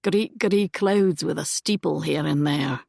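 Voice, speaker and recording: A woman voicing a wry, smitten young gentleman who speaks in a dry, understated way. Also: low voice, a little slow, gravelly, breathy edge, no echo, heavily acted.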